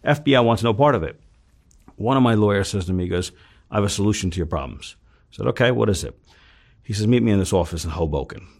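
Male interview guest, raspy low voice; intense storyteller who voices the other people in his tale. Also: lively intonation, fast, a little mellow. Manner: retells scenes with quoted dialogue, swears freely; intense, emphatic when upset.

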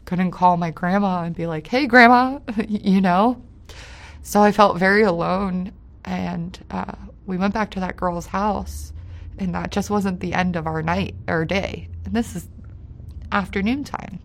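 Low, gravelly-voiced woman, halting. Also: fairly even intonation. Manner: halting, hesitant, many fillers and restarts; voice drops quiet on painful parts and rises with anger. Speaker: interview guest. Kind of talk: recounting a personal story.

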